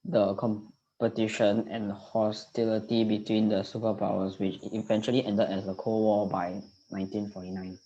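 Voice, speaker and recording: A man's voice: fairly low pitch, little pitch movement, normal speed, warm tone, dull audio. A male student reading history notes aloud on an online class call.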